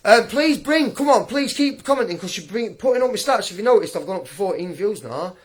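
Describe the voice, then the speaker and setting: A young man with a high-pitched voice, ranting on a livestream. He taunts and mocks his critic in a combative, scornful tone, breaking into laughter as he goes. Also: expressive, a little fast, breathy edge. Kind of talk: angry livestream rant.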